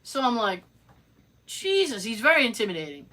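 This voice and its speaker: Co-hosting a podcast, this woman tells a story with lively sarcasm, tossing in asides and acting out quotes. Her pitch is fairly high and she talks at a normal speed in a casual, chatty way.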